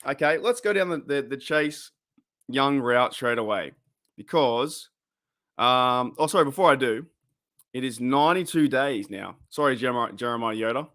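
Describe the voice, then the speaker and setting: Excitable Australian man hosting a live stream. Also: mid-range voice, moderate pace. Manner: excitable, greets chat viewers, rambles. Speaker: livestream host. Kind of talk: casual live-stream chat.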